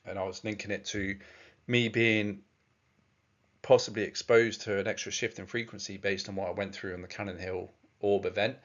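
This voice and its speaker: A man's voice: sits low, dull audio. A man telling a long personal story in a casual, rambling way, with many fillers and restarts. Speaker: presenter.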